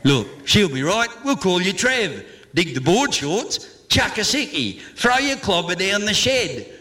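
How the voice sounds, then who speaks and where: A man's voice: high-pitched, big pitch swings, measured pace, sharp tone, full character voice. A man with an Australian accent voicing a tough, brash young female outback farmhand who talks bossy and slangy. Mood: bossy teasing.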